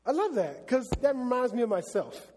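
A man preaching a casual Bible lesson, chatty and animated, with many fillers. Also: very high-pitched, normal speed, breathy edge, in a large hall.

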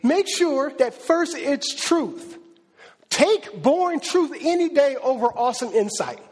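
A male pastor preaching a sermon in a lively, conversational, slangy way. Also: extremely high pitch, slow pace, big-room sound.

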